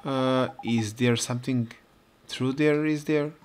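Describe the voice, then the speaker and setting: Quiet, earnest boy hero with a low, hesitant delivery, read by a male player. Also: steady tone, slow pace, slight background noise, natural voice. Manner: earnest, hesitant, soft-spoken.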